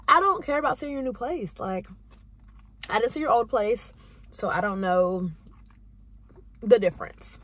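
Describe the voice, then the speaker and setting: A woman's voice: a little high, moderate pace, long pauses, slight background noise. A young woman vlogging, telling stories casually and sassily to the camera, acting out the people she quotes. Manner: animated, sassy, acts out quoted voices.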